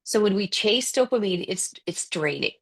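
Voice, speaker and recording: A woman giving a conversational webinar lecture as a coach, lively and animated, acting out quoted voices. She speaks close to the mic. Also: mid-range voice, normal speed, creaky. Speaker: ADHD coach presenting a webinar.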